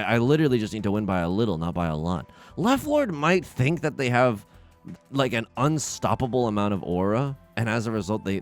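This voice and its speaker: A young man giving casual, excitable commentary on his own gameplay, talking to viewers and trash-talking opponents. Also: mid-range voice. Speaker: let's play host. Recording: game music underneath.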